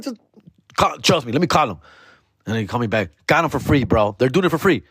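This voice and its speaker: A man's voice: medium pitch, expressive, fast, fairly bright tone, husky, dry recording, studio quality. A man, a comedian and podcast host telling a story in casual, slang-heavy talk, acting out quotes.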